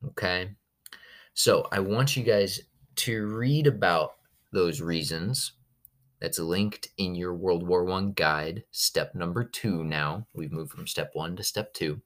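A man's voice: sits low, takes it slowly, a bit bright. A male history teacher recording a podcast lesson for his class, telling the story with energy and slipping into goofy voices for the countries.

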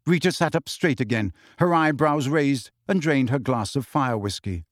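A man's voice: mid-range voice, expressive, normal speed, hardly any pauses, no room sound, studio quality. A man reading a novel aloud as narrator. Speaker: audiobook reader. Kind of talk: scripted narration.

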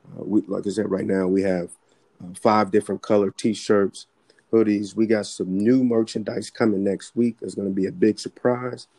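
A middle-aged man from the Bronx with a lowish voice talks on a podcast. He is relaxed and unhurried and stops and restarts often, filling gaps with ums. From the Bronx, New York. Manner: relaxed, halting with many fillers and restarts. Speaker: guest, clothing entrepreneur and boxing coach. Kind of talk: casual podcast conversation.

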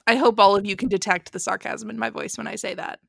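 A woman co-hosting a casual film-review podcast, animated, swearing freely and laughing often. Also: mid-range voice, fast, creaky, no echo, clean studio sound. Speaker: podcast co-host.

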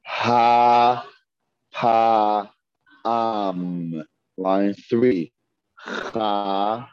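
A man teaching a Hebrew reading class, patiently repeating words slowly and asking his students questions. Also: on the low side, fairly even intonation, a little mellow, clear, resonant tone, no echo. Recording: dull lo-fi dry recording.

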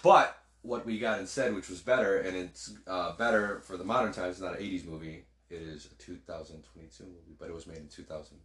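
A man's voice: deep voice, fairly even intonation, brisk, few pauses. A man co-hosting a casual movie chat, acting out scenes with sound effects. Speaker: podcast co-host. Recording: echoey room.

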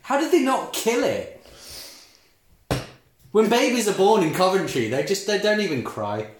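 A man trading sarcastic, deadpan jokes in casual banter. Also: sits high, normal speed, echoey room, a little hiss or hum.

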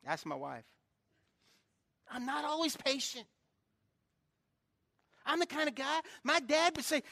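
Man, pastor, sermon, high voice, bright tone, chatty storytelling, self-mocking humor. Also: very animated, unhurried, vocal fry, pauses often.

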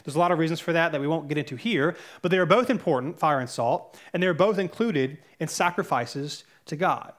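A man's voice: fairly high pitch, lively intonation, fairly quick, hardly any pauses, a bit bright. A man in his thirties preaching a sermon as pastor, earnest and conversational, with fillers and self-corrections.

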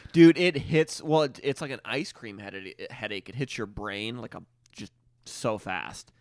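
A man's voice: medium pitch, measured pace, dry recording, clean studio sound. A man co-hosting a casual podcast chat, swearing freely and jumping between topics. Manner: animated, swears often, jumps between topics. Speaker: podcast co-host.

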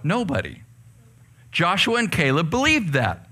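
A man preaching a sermon to a youth group, leading call-and-response and swinging from hushed asides to fired-up outbursts. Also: fairly high pitch, wildly swooping pitch, a little slow, breathy edge. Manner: leads call-and-response with the audience.

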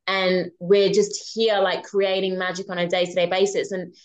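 Rich: A woman with a lowish voice talks through a personal story as a podcast guest. Her delivery is casual and animated, full of fillers and the odd swear word. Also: moderate pace, dull audio.

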